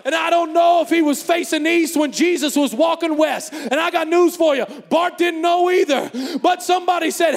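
A man preaching a fervent sermon, shouting and calling out to the congregation, in an echoey hall with a faint congregation behind. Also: very high-pitched, normal speed, gravelly, few pauses, some chatter behind. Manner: fervent, shouting, call and response.

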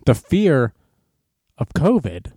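Male host for casual news commentary, sarcastic and mocking, animated delivery, dry recording. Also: mid-range voice, slow pace, slightly rough, no echo.

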